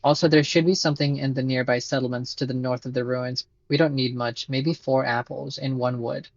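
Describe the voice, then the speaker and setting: A man's voice: medium pitch, steady tone, fairly quick, no echo, highs cut off, close to an everyday voice. A man reading lines for a tired male settler who asks for supplies, in his own plain voice. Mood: coaxing.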